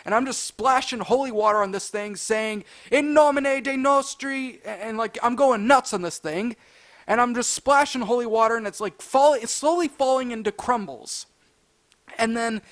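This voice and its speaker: A man telling a casual storytime tale, animated and excitable, breaking into loud high outbursts.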